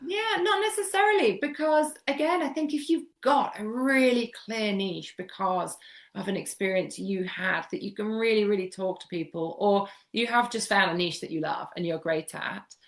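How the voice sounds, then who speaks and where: Guest spot: a chatty UK woman, mid-pitched, repeating words for emphasis. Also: normal speed. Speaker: guest homeopath. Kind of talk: casual podcast interview.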